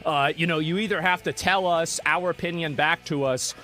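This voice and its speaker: A man's voice: fairly high pitch, fairly even intonation, moderate pace, bright, forceful tone. A man in a played stream clip, talking casually and dismissively, often stumbling over restarts.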